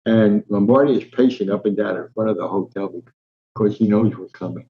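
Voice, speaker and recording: A man's voice: fairly low pitch, brisk, vocal fry. Elderly man telling stories, lo-fi sound. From New Jersey. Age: 90s. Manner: rambling, vivid storyteller with frequent restarts. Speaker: guest, veteran sports columnist. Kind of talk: anecdotal storytelling in an interview. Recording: dull lo-fi sound.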